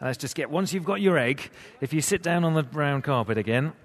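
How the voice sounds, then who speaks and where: A man's voice: a little high, expressive, a little fast. Playful man leading a church talk. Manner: playful, interactive, coaxing. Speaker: church leader.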